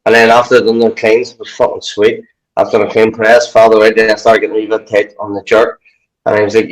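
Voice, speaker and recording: A man's voice: on the low side, little pitch movement, brisk, low-quality recording. A man, a former boxer turned strength coach, chatting casually as a guest, rambling and swearing a lot as he acts out his own inner talk. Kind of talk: casual chat.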